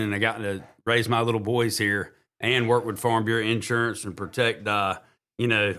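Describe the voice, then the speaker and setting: A man, a guest insurance agent giving an enthusiastic sales pitch on a talk show. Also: pushed and bright, clean tone. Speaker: guest, insurance agency manager. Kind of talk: casual interview.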